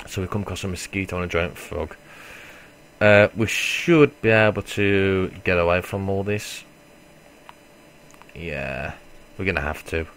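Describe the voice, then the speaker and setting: A man's voice: low voice, a little hiss or hum. A man giving casual let's play commentary, swearing and joking at himself as he plays. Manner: swearing, self-mocking, reacts loudly then mutters. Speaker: gamer.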